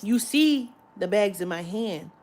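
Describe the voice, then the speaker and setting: A woman vlogger telling a story in an animated, profane, exasperated way, filmed on a phone in a shopping area. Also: mid-range voice, measured pace. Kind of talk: storytime vlog.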